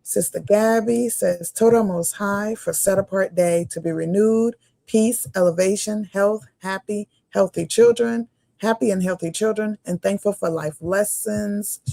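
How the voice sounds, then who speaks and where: A woman's voice: medium pitch, steady tone, a little slow, gravelly, warm tone, no room sound. A woman co-hosting a religious livestream, reading viewer comments aloud and often laughing.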